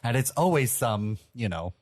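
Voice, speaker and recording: A man co-hosting a podcast, giving beer news and predictions in relaxed casual chat. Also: medium pitch, normal speed, no echo, clean studio sound.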